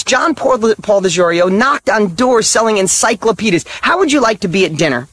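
A man's voice: sits high, expressive, fairly quick, fairly bright tone, no echo. A middle-aged man, a motivational speaker and author, delivering an emphatic monologue in short repeated statements, candid and blunt with the odd mild swear word.

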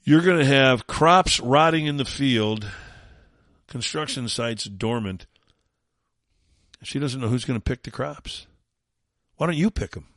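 A man's voice: mid-range voice, a little slow, pauses often, a bit bright, no echo. A male talk radio host in full sarcastic mode, combative and scornful. His voice sits mid-range, recorded close and dry in the studio. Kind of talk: opinionated talk radio monologue.

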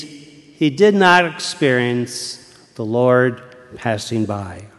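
An older man, a retired priest, preaching a sermon in a church, telling the story slowly and dropping to a hushed whisper at times. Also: medium pitch. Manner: slow, deliberate storytelling with dramatic hushed whispers. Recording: long church reverb.

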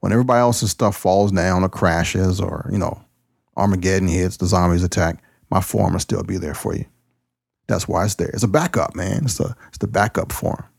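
A man who preaches, hosting his own podcast in a casual solo monologue, talking in a folksy, joking and excitable way. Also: sits low, a little fast, creaky, slightly rough.

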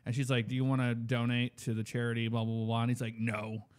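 A man's voice: medium pitch, quick pace, clean tone. Man telling a story in casual chat. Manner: animated storytelling, acts out voices.

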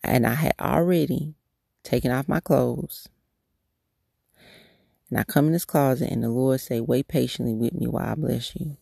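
Woman host, devotional testimony, earnest and candid, gravelly voice, dry close sound. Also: very deep voice, normal speed, long pauses, mellow, no echo. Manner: candid, earnest storytelling with restarts. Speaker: podcast host.

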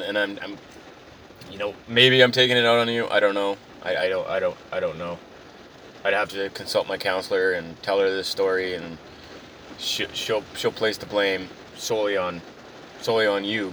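A man with a bright, forceful voice delivers a comic rant full of swearing. He is sarcastic throughout and swings from angry outbursts to stumbling, stammering apologies. Faint outdoor noise sits behind him. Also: lowish voice. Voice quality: heavy swearing. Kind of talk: profane comedic rant storytelling.

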